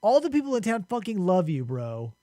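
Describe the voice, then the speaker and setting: A man's voice: high voice, wildly swooping pitch, brisk, mellow, dry recording, studio quality. A man voicing a grieving hero king who consoles his friend in casual bro slang. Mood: consoling.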